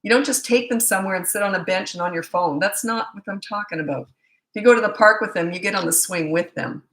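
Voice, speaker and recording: A woman's voice: mid-range voice, fast talker, a bit bright, roomy sound. A middle-aged woman coaching parents in a rambling, chatty live Q&A with many asides. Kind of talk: casual live Q&A.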